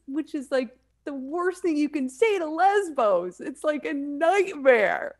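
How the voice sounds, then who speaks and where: A woman comedian telling a comic story over a video call, acting out the dialogue with animated delivery. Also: sits high, moderate pace, hardly any pauses.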